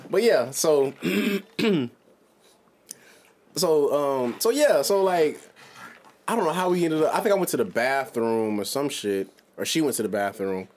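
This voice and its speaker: A man's voice: on the high side, a little slow. A man in his twenties, a podcast co-host, telling a story in casual chat, swearing freely and laughing as he goes. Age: 20s. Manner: animated, profane, laughs through his own story.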